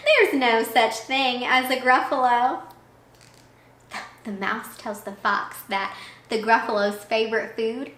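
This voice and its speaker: A woman teacher reading a picture book aloud to young children in an expressive way, pausing to ask them questions. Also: a little high. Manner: warm, expressive, asks questions of young listeners. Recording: echoey room.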